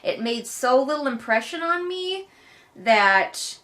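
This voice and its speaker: A woman's voice: sits high, sing-song, takes it slowly, fairly bright tone. A woman hosting a casual book read-along, recapping chapters in a sarcastic, wry way and swearing casually.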